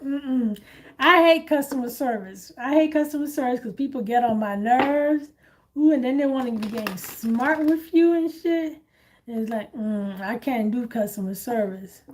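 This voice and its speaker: A woman hosting a casual chat, animated and blunt, laughing often. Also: on the high side, moderate pace, a little hiss or hum. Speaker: host.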